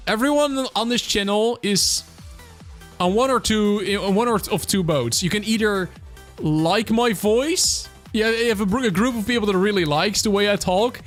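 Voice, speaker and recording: A man's voice: sits high, moderate pace, fairly bright tone, soft background music. Chatty Dutch-accented man on a livestream. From Netherlands. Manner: chatty, reads and answers viewer chat, many fillers and restarts. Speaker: streamer. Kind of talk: casual livestream chat.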